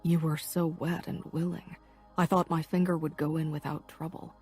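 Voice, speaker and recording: Hushed, raspy young male lover, as a woman narrator voices him, low and intimate. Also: little pitch movement, normal speed, faint music behind. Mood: hushed, intense. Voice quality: rough, raspy murmur. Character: young adult man, rough-voiced, intense and possessive lover.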